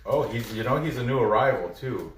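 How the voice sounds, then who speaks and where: A man's voice: mid-range voice, animated, brisk, a little hiss or hum. A man casually breaking down soccer matches for bettors, thinking aloud and stumbling over names. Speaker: sports betting analyst. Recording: roomy, mic at a distance.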